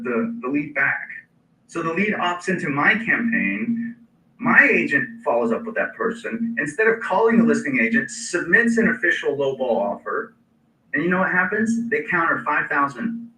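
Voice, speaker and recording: Male sales coach, bright and emphatic, roomy distant sound. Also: on the high side. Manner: emphatic, repeats words, many ums. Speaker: sales trainer hosting a live session. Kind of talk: casual coaching talk reviewing a call.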